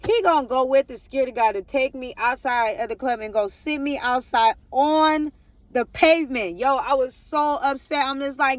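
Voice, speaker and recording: A woman's voice: high-pitched, moderate pace, no room sound. A woman vlogger telling a personal testimony in a rambling way, repeating herself and talking straight to her viewers.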